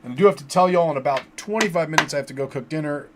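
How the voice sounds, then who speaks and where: A man hosts a casual livestream tarot reading, calling out viewers' names from the chat and offering relaxed advice with lots of fillers and repeated words. His voice is a little high and he talks very fast, on very noisy audio.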